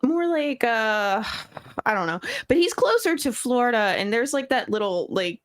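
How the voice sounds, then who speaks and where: Rambling Baltimore woman, slightly high. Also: lively intonation, moderate pace. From Dundalk, Maryland, US. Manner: rambling, hesitant, many fillers. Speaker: podcast co-host. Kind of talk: casual chat.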